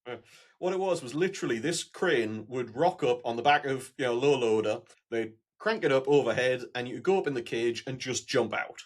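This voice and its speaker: Husky man, lively storyteller. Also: medium pitch, brisk. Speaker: podcast guest. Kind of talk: casual chat, storytelling.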